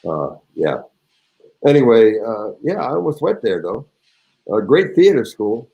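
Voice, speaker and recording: A man's voice: lowish voice, big pitch swings, a little slow, vocal fry, lo-fi sound. Theatrical older male storyteller. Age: around 70. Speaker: actor and guest. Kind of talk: reading a memoir anecdote and casual chat.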